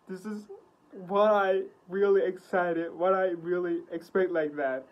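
A woman with hosting a music video reaction, gasping, laughing and swearing excitedly. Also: lowish voice, a little slow, highs cut off.

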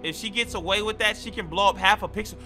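A man voicing a gruff undercover male cop in a game role-play. He speaks low and flat. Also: quick pace, faint music behind, exaggerated voice.

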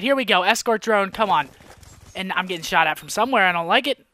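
A young gaming commentator calls his own gameplay live into a headset mic, speaking fast in a high, very bright voice. He's excitable, swinging from quiet mumbles to sudden frustrated yelling, while gunfire from the game rings out behind him.

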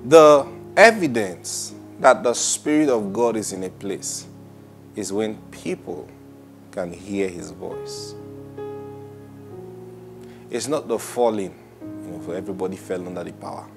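A man preaching a Bible study sermon, animated, acting out quoted voices and laughing often. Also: on the low side, measured pace, creaky, long pauses, soft background music.

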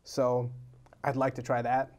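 A man's voice: medium pitch, unhurried. A young man chatting as a guest on a casual talk show. He tells stories with energy and slips into quoted voices as he goes. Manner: animated storyteller, acts out quotes. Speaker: novelist guest.

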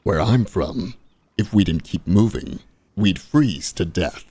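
A man doing a deep, slow-drawling impression of a cocky, playfully menacing young male warrior on a livestream. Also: lively intonation, dark tone, slightly rough, no room sound, heavily acted. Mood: brooding.

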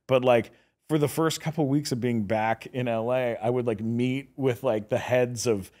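Give me a man in a mid-range voice telling an animated story on a podcast, laughing as he goes. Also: medium pitch, normal speed. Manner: animated, laughs often, acts out quoted voices, heavy use of "like". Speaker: podcast guest. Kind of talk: casual storytelling.

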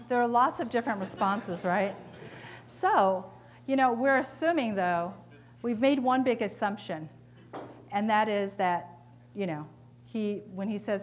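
A woman's voice: medium pitch, unhurried, a little hiss or hum. A woman giving a conference keynote, talking in a conversational way and putting questions to the audience. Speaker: keynote speaker. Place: conference hall.

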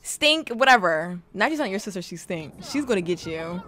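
A woman's voice: medium pitch, animated, normal speed, a bit bright, a little hiss or hum. A young woman hosting a let's play, giving casual, teasing commentary as she plays and laughing often.

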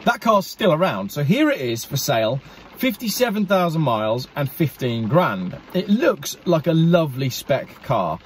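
A man's voice: a little high, very animated, moderate pace, slight background noise. A man hosting a car channel, chatting casually and enthusiastically while speaking directly to viewers. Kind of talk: casual talk to camera.

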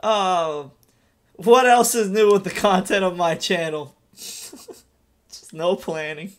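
A young man hosting a casual gameplay commentary with a friend, energetic and swearing freely. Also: high voice, slow. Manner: energetic, loud, swearing banter. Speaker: gaming channel host.

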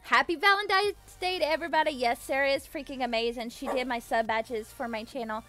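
A woman's voice: high voice, fairly quick, pushed and bright. Bubbly, giggly young woman streaming. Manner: bubbly, giggly, effusive thanks. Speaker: livestreamer. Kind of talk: casual live-stream chat with viewers.

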